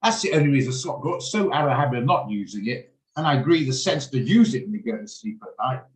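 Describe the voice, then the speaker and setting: Blunt talky guy hosting a trading call, mid pitch, roomy echo on the video call. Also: animated, fast. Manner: chatty, blunt, rambles off topic. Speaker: trading room host. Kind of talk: casual chat in an online trading session.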